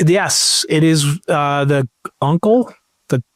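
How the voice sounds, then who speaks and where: A man's voice: fairly high pitch, dry recording, clean studio sound. A man co-hosting a podcast, chatting casually and telling rambling, jokey stories. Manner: rambling, jokey, slow storytelling. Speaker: podcast co-host. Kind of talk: casual chat.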